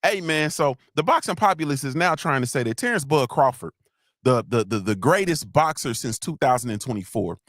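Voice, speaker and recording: Animated, profane podcast host man. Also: medium pitch, fairly quick, no room sound, studio quality. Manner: animated, profane, rambling with restarts. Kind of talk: casual solo podcast talk.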